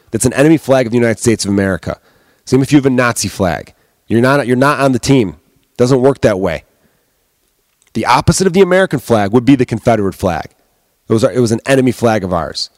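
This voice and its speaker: A comedian hosting his solo podcast, talking fast in a loose, heated rant full of swearing. His voice sits fairly low. The sound is close and dry, with no room around it. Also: darkish tone, no echo. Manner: profane, heated ranting.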